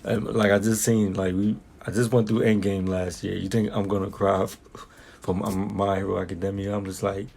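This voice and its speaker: A man's voice: deep voice, level tone, moderate pace, creaky, darkish tone. A young man giving a casual spoken film review, telling stories in a rambling way full of slang and restarts.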